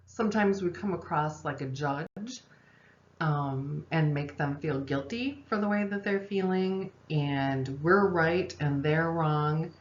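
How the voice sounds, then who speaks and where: A woman giving a recorded parenting lesson, calm and explanatory, often checking in with "okay?". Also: sits low, takes it slowly, slight background noise. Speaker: parenting instructor and social worker. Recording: echoey room, dull lo-fi sound.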